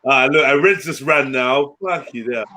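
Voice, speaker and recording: A man's voice: mid-range voice, moderate pace, sharp tone. A young man hosting a livestream, joking, swearing and laughing in slangy casual banter. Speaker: livestream host.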